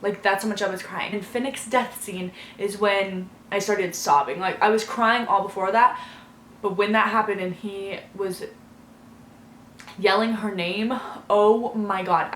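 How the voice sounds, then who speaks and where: A woman's voice: mid-range voice, steady tone, a little slow, fairly bright tone, reverberant, slight background noise. A woman vlogger giving a casual, effusive review, gushing and filling her talk with fillers.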